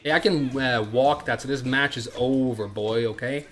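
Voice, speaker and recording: A man's voice: mid-range voice, fairly bright tone, soft background music. A man with a cold, casually commentating his gameplay on stream, swearing and trash-talking as he plays. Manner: profane, trash-talking, quick asides. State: congested from a cold. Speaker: game streamer.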